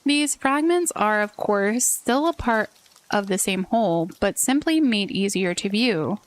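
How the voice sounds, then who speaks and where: A woman voicing a calm, wise space being in a slow, measured, soothing way over game music. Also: mid-range voice, close to an everyday voice. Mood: serene.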